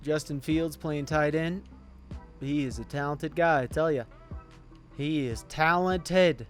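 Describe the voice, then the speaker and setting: A man commenting on a football video game, swinging from quiet mumbling to excited yelling. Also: a little high, slow pace, soft background music. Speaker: gaming YouTuber.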